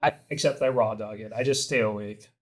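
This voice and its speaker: A man's voice: lowish voice, fairly even intonation, brisk. A man co-hosting a casual podcast about fatherhood, easygoing and talkative, often ending points with "right?". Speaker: podcast co-host, new father. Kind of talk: casual chat.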